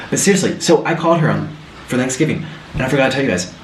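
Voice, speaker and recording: A man's voice: mid-range voice, animated, fast talker, long pauses, a little hiss or hum. A young man chatting through a home cooking vlog, telling family stories with gasps and mimicked voices. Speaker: food vlogger. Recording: roomy, slightly distant mic.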